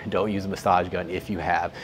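Low-voiced young man narrating a gym workout. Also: a little fast, a little hiss or hum. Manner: explaining exercises while training, filler-heavy and relaxed. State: out of breath between sets. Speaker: fitness vlogger.

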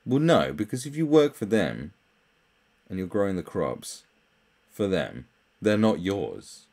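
A British man with a low voice talks through memes in a sarcastic, mocking way. His pitch swings widely as he scoffs and swears. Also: sing-song, unhurried, darkish tone. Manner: mocking, swears, jumps into high mock voices. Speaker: commentary host. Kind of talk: sarcastic meme commentary.

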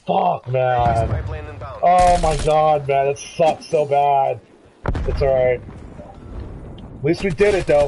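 An excitable male streamer talking through a shooter match as he plays it, his voice sitting a little higher than most men's. He drops to a mutter, then jumps into sudden yelps and pleading. Gunfire and game sounds are clearly heard behind him. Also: slow pace, pauses often, background noise. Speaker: gaming streamer. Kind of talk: live gameplay commentary.

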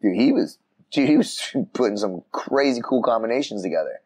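A man on a casual podcast, telling a story with lively voices for the people in it. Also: on the low side, fairly quick, husky. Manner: animated storytelling, acts out voices, frequent restarts. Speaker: podcast co-host. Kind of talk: casual chat. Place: room outside the usual studio.

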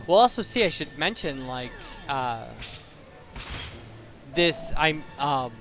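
A young man chats through his game in a bright, slightly high voice, drifting off into digressions and restarting his sentences. He talks into a boosted home microphone. Faint game music runs behind him. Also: expressive, slow pace. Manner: rambling, digressive, self-correcting. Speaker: let's play commentator. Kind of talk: casual gameplay commentary.

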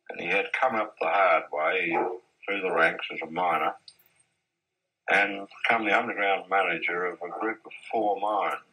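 Deep husky man reminiscing. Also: pushed and bright, low-quality recording. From Australia. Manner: measured, anecdotal, with occasional restarts. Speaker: interviewee, former mine boss. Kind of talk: reminiscing storytelling in an interview. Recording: 1970s archive interview.

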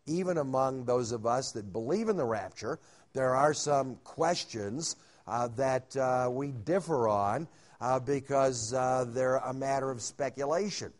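A man's voice: medium pitch, unhurried. Male Bible conference speaker, folksy sermon delivery, filler-heavy, jokes along the way. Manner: folksy, with frequent "uh" fillers and humorous asides. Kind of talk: sermon-style Bible teaching. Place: hotel conference room.

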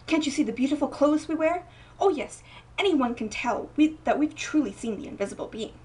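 Woman putting on two shrill, haughty storybook sisters. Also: expressive, brisk, darkish tone. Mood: boastful. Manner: shrill, boastful and haughty, stammering when caught out. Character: two proud, cruel young sisters speaking together. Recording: voice a bit distant from mic.

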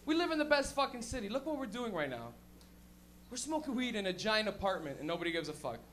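A man doing a profane, animated stand-up routine at an open mic, acting out characters as he goes. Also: high-pitched, fast talker, a little hiss or hum. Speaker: stand-up comedian. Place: comedy open mic in a crowded apartment.

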